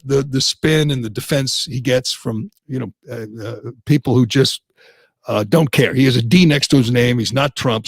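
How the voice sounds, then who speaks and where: Male talk-radio host, raspy, a touch high, indignant, close dry studio mic. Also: no room sound. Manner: heated, indignant and sarcastic; mocks others in put-on voices. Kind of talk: opinionated talk radio rant.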